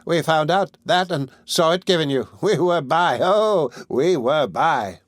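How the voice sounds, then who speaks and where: Man voicing a toothless old crone: high, eager, dry close read. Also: lively intonation, measured pace, no echo. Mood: gleeful. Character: toothless old woman, gleeful and sly.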